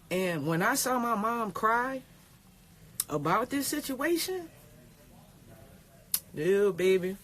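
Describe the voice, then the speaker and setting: A woman's voice: medium pitch, big pitch swings, slow, pauses often, a little hiss or hum. A woman, talking in a rambling, tearful way on a phone livestream, repeating herself and swearing. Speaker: pro basketball player. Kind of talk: casual livestream talk.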